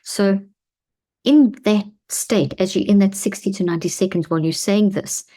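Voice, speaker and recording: A woman hosting a self-help talk, speaking calmly and slowly with a reassuring tone and repeated phrases. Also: medium pitch. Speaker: host.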